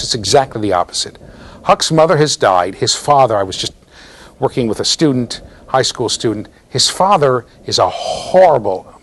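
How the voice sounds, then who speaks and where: Animated male lecturer with a lively voice. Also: medium pitch. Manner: animated storytelling with frequent rhetorical "right?" and "okay?". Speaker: university lecturer. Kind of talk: classroom lecture. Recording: 2009 lecture hall recording.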